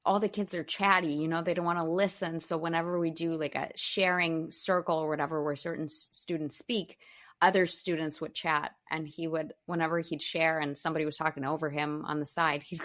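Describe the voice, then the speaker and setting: A woman in her twenties hosting a podcast in casual chat, animated and laughing often as she tells stories. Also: low voice, brisk. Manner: animated storyteller, laughs often, quotes kids in playful voices. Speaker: podcast host.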